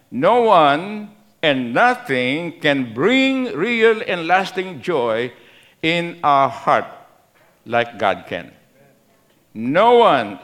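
A middle-aged man with a Kapampangan Filipino accent preaches a sermon at an unhurried pace. His voice sits slightly high for a man, and he repeats his key lines slowly. He keeps asking the congregation to answer back. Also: fairly bright tone. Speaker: pastor.

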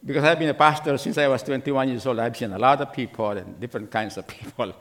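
A man's voice: mid-range voice, fast talker, a bit bright. A middle-aged man preaching a sermon as pastor, asking the congregation many questions and acting out voices from scripture. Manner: acts out voices in the scripture story.

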